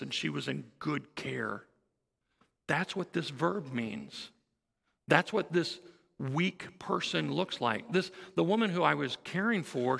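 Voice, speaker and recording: A man's voice: on the high side, creaky, sharp tone, in a large hall. A man preaching a sermon, telling a counseling story in a conversational way and acting out the dialogue. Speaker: pastor.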